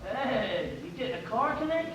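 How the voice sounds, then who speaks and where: A man's voice: very high-pitched, big pitch swings, measured pace, fairly bright tone, lo-fi sound, slight background noise, exaggerated voice. A teen boy playing a greaser sidekick. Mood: teasing. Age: teens. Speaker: high school actor. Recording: echoey hall recording from far off.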